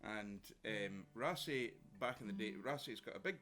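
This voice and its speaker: A man's voice: on the low side, expressive, a bit bright. Chatty man introducing tunes. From Scotland. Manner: chatty, halting with fillers. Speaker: folk musician. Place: live house concert.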